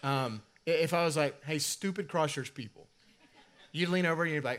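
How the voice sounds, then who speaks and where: Pastor, middle-aged man, slightly high voice, casual and self-deprecating sermon delivery that restates key lines. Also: brisk, fairly bright tone. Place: church sanctuary.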